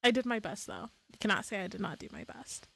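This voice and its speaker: A woman's voice: medium pitch, expressive, fast talker, creaky, bright, forceful tone. A woman streaming live in casual chat, playful, laughing often and swearing freely.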